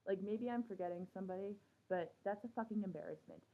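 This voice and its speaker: A woman's voice: medium pitch, fast. A young woman recapping a TV episode in a casual, sarcastic rant full of swearing. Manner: animated, swears a lot, sarcastic. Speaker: TV show reviewer. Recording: tinny phone-like audio.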